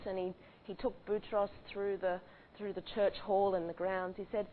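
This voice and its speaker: A woman's voice: medium pitch, flat delivery, moderate pace. Woman storyteller, conversational, restarts a lot, tinny phone-like sound, faint hiss. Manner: conversational with frequent restarts and fillers. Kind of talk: retelling a true story.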